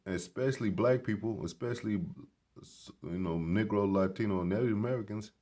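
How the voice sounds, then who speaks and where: A man's voice: on the low side, fairly quick, mellow. A man in a casual, rambling vlog commentary at a grocery store. He talks in an emphatic, preachy and blunt way and swears freely. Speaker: vlogger.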